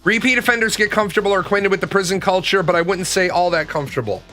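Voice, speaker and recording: A man's voice: sits high, fast talker, bright, forceful tone, faint music behind. A man hosting a casual chat, talking in a blunt, profane and emphatic way.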